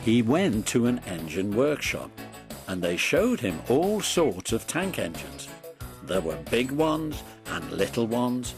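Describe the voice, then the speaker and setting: A man narrating a children's storybook in a measured storytelling voice. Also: medium pitch, very animated, music in the background.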